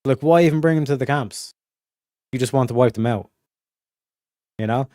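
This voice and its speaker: A man streaming a casual, rambling monologue, swearing constantly and full of fillers and restarts, going from emphatic to low muttered asides. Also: moderate pace, warm tone, dry recording, clean studio sound. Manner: profane, filler-heavy, restarts often. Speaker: streamer hosting a study session.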